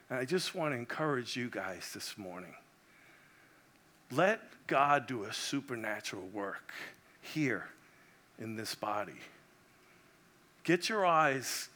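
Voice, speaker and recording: A middle-aged man from Puerto Rico preaching a sermon as a visiting pastor, passionate and swinging between loud exclamations and hushed prayer. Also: mid-range voice.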